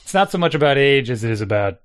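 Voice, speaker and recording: A man's voice: medium pitch, very animated, quick pace, clean tone, no echo. A man co-hosting a casual podcast chat, adding short wry comments. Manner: brief backchannel, dry wry asides. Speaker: podcast co-host.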